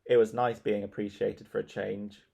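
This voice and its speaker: A man narrating a children's storybook in a lively, expressive reading. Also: fairly low pitch, moderate pace, creaky, slightly rough. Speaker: audiobook narrator.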